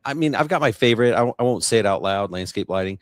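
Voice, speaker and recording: Man, podcast host, low and dry, eager rambler. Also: animated, fast, no room sound. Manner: eager, rambling, restarts sentences and says "like" often. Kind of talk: casual interview chat.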